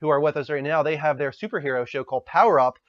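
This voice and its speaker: A man's voice: a little high, quick pace, no room sound. A man hosting a casual gaming podcast, talking enthusiastically and thanking followers. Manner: enthusiastic, wraps up and reads out thanks. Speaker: podcast host. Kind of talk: casual chat. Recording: dull lo-fi dry sound.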